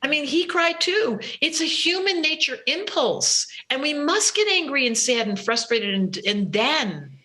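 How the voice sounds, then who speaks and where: A woman spiritual teacher talking as an interview guest, expressive, acting out her own inner voice. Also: high voice, a little slow, hardly any pauses. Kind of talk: interview conversation.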